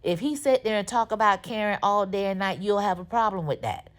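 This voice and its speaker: A woman's voice: mid-range voice, a little fast. A woman recapping a TV episode in casual, slangy talk. She is opinionated and scolds the characters directly. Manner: opinionated, talks straight at the characters; slangy, informal. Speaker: TV recap host.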